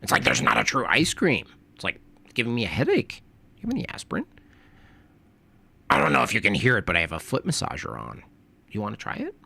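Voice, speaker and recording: Sarcastic man reacting to a clip, lively pitch, dry sound. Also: fast talker, creaky, slightly rough, dry recording. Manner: sarcastic, rambling asides. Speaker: streamer reacting to a video. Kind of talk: casual reaction commentary.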